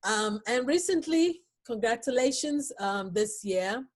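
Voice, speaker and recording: A woman hosting an interview, halting and emotional, with many pauses and fillers. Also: on the high side, lively intonation. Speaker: talk show host.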